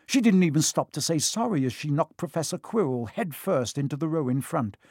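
A man's voice: a little high, expressive, brisk, a little mellow, slightly rough, dry recording, clean studio sound. Man reading a storybook aloud. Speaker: audiobook reader. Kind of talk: storybook narration.

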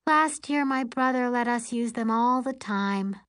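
Lady doing a sweet shy camp girl showing someone around, slow and gentle. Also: fairly high pitch, pitched above the performer's own voice. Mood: friendly. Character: friendly shy teen girl camper, guide.

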